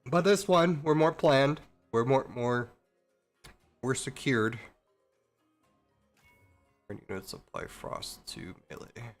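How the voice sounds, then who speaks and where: A man's voice: medium pitch, animated, takes it slowly, faint music behind. A man streaming a game, talking casually in a rambling, profane way with many restarts. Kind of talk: casual rambling chat while gaming.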